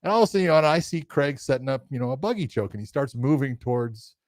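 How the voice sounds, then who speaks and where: A man casually telling a story as a podcast co-host, animated and acting out quotes with laughter. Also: medium pitch, fast, no room sound.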